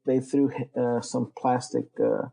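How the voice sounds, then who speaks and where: Guest spot: mellow, husky Texas-raised man, rambling profane storyteller. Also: medium pitch, flat delivery, a little slow, poor audio. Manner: rambling, profane, lots of fillers. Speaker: interview guest, Navy veteran. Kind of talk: casual storytelling.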